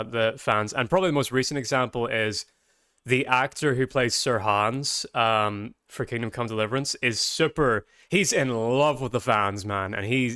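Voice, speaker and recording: Male podcast host, chatty and rambling, bright voice, dry close sound. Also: medium pitch, clean tone, no echo. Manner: rambling, chatty, quick tangents. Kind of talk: casual podcast chat.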